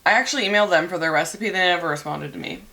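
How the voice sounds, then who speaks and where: A young woman in casual, excitable chat to camera while mixing a drink in her apartment kitchen. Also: on the low side, very fast. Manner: chatty and excitable, rambling asides. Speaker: vlogger. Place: cold home apartment kitchen.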